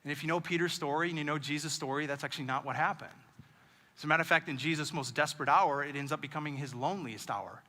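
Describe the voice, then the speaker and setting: A man preaching a sermon as pastor, telling the story in an animated way and acting out the lines he quotes. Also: on the high side, quick pace, long reverb tail. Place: church auditorium.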